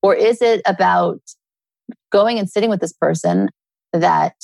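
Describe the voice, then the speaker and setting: Creaky-voiced woman telling stories earnestly. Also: lowish voice, measured pace, darkish tone, no echo. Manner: earnest, storytelling with acted quotes. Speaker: guest author. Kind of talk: relaxed interview conversation.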